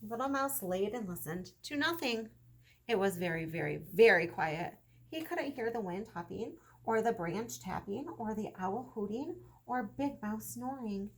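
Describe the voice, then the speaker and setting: Woman teacher reading a storybook to children, gentle, expressive, slightly husky. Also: mid-range voice, unhurried. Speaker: kindergarten teacher. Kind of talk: children's story read-aloud.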